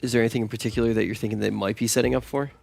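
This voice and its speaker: A man's voice: mid-range voice, fairly even intonation, very fast, creaky, a little mellow, soft background music. A man hosting an esports analysis desk, upbeat and leading with questions. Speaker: desk host.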